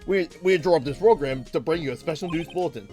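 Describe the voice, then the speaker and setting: A man voicing a male TV news anchor, reading in a lower, quieter newsreader cadence. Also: fast talker, soft background music, lightly acted. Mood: grave.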